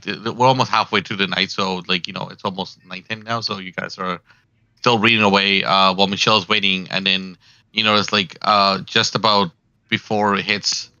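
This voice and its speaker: A man running a tabletop game as game master, narrating in a rambling, halting way. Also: low-pitched, sharp tone, no room sound. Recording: dry, dull lo-fi mic.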